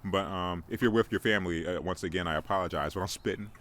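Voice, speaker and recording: Rambling self-mocking young man, low voice. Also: fast, a bit bright. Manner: rambling, self-mocking, stammers and repeats words. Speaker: podcast host. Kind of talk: casual monologue.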